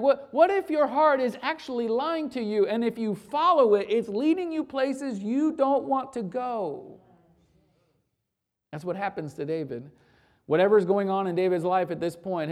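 Pastor, male, sermon delivery: emphatic, rhetorical questions, loud peaks dropping to hushed lines. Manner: swings from loud urgent peaks to low quiet lines.

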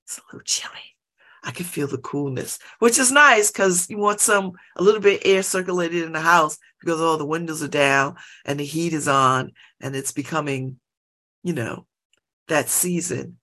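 A middle-aged woman chatting casually at home by an open window, laughing often and breaking into animated asides. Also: sits low, normal speed. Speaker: vlogger. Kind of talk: casual monologue.

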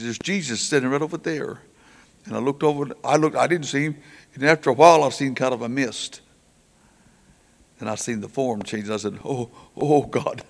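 A man's voice: medium pitch, vocal fry. An older man preaching in a folksy storytelling way, stammering and repeating words as he acts out the people in his stories. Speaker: preacher telling revival stories. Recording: church hall reverb.

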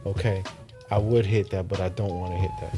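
A man's voice: sits low, fairly even intonation, a little fast, over music. A man chatting casually and joking, with frequent laughter and slangy banter. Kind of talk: casual podcast chat.

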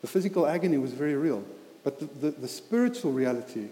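A man's voice: a little high, lively intonation, fast talker, warm tone. A man preaching a sermon in an earnest, plain-spoken, conversational way, often saying "you know" and repeating words. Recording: reverberant church hall.

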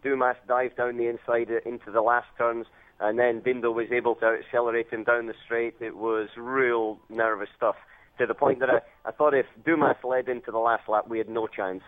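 A man's voice: mid-range voice, normal speed. Scottish male phone guest, laid-back, tinny line. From Scotland. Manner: relaxed storytelling with many fillers. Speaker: racing driver guest. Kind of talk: phone interview.

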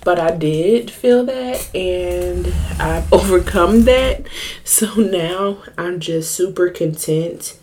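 A woman's voice: on the low side, slow pace, darkish tone, slight background noise. A young woman hosting her own podcast, chatting candidly and profanely in a joking, storytelling way. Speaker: podcast host. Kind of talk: casual solo podcast chat.

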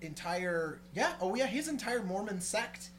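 A woman's voice: medium pitch, sing-song, a little slow, slight background noise. A woman co-hosting a casual comedic chat, rambling through a profane joke story.

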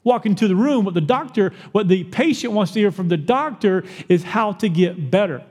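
A man preaching a sermon as pastor, animated, asking the crowd questions and acting out the people he quotes. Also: sits high, fairly quick, few pauses, long reverb tail.

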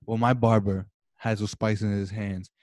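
A man's voice: fairly low pitch, little pitch movement, normal speed, darkish tone. A young man, a podcast co-host, on a video call, ranting with mock passion and a lot of swearing. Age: young adult. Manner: dramatic mock-passionate rants, heavy swearing. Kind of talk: casual chat over video call.

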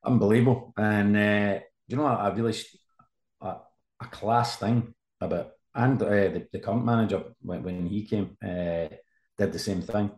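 Male journalist guest, low voice, rambling anecdotes, roomy echo. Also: steady tone, normal speed, darkish tone. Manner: rambling, storytelling with restarts. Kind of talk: casual anecdote telling.

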